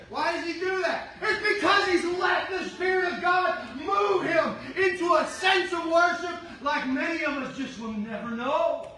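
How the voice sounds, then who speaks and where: A middle-aged male pastor with a very high, bright voice, preaching with fervor and often breaking into shouts. He sounds set back from the mic in a very echoey church sanctuary, with a faint hum behind him. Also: moderate pace, few pauses, distant mic, a faint crowd. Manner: fervent preacher, shouting exhortations. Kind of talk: sermon.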